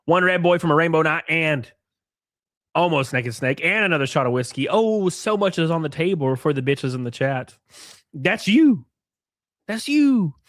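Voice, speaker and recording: A man's voice: a little high, moderate pace, no echo, clean studio sound. A man live-streaming, reading posts aloud and ranting at them in a mocking, profane way while drinking. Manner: mocking, profane, animated rants.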